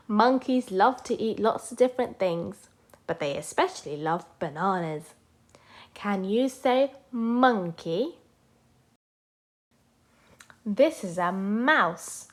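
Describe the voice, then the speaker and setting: A woman teaching a children's phonics lesson, sounding out letters and animal names slowly and clearly for young learners. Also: mid-range voice, big pitch swings.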